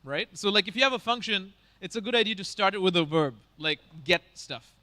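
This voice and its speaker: A man's voice: high-pitched, animated, fairly quick, sharp tone. A man from Bangalore, hosting a conference with casual joking stage banter and teasing the audience. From Bangalore, India. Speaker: conference host.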